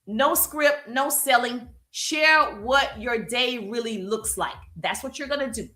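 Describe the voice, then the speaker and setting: A bright, high-pitched woman coach talks energetically in an echoey room at home, likely on her phone. She is emphatic and keeps checking in with "okay?" and "right?". She is warm and perspiring from exercise. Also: unhurried. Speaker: business coach. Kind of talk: live-streamed coaching talk.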